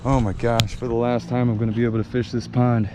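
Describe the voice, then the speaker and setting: A man's voice: medium pitch, flat delivery, fast talker. A young man from eastern Pennsylvania giving casual, laid-back commentary while fishing at a small backyard pond, talking to his viewers. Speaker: fishing vlogger. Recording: outdoor camera audio with clear background noise.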